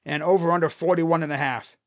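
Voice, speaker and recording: A man hosting a football picks video, talking casually and excitably and thinking out loud. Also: a little high, fairly quick, highs cut off. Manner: rambling, excitable, thinks aloud. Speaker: sports picks channel host.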